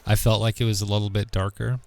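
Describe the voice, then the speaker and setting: Low gravelly man rambling on a game stream. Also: level tone, fast talker. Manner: rambling, filler-heavy, muttering asides while playing. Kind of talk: casual gaming livestream chat.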